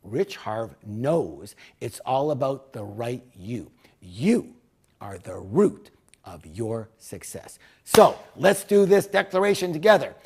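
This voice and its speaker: A middle-aged man giving a motivational speech, emphatic and swinging between loud punches and hushed lines. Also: medium pitch, big pitch swings, slow, slightly rough. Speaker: motivational speaker.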